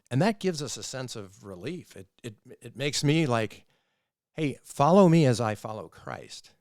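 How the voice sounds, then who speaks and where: A man hosting a faith-based podcast, telling stories in an animated, earnest, preaching manner. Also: mid-range voice, no room sound, studio quality. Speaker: podcast host.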